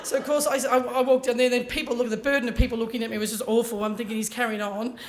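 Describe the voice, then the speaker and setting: A woman telling a story in an animated, chatty way as a conference speaker. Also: fairly high pitch, very fast. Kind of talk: storytelling keynote.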